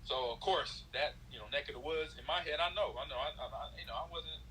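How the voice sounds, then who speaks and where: A middle-aged man from Los Angeles tells a story with lively energy, acting out the voices of the people in it. His voice is bright and sits a little high, and there is faint noise behind it. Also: fast talker, poor audio. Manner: acts out quotes of others, laughs often. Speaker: guest, former football player. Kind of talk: animated storytelling.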